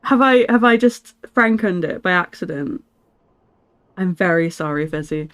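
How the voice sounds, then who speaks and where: A woman's voice: on the low side, lively intonation, normal speed, fairly bright tone. A woman streamer chatting casually with her viewers, giggling often and answering their questions. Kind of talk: casual live-stream chat. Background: faint music.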